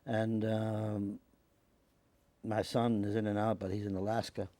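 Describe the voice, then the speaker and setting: A man, telling his life story in a rambling, halting way in an oral history interview. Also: fairly low pitch, level tone, warm tone, no echo. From Staten Island, New York. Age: 90s. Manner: rambling, halting, with many restarts. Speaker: interviewee, WWII veteran.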